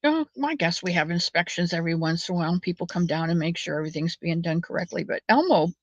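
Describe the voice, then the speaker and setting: A woman hosting a knit-along, chatting in a rambling, folksy way with soft muttered asides while she knits. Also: fairly low pitch, animated, quick pace, no echo, highs cut off. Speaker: knitting channel host. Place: at home, knitting.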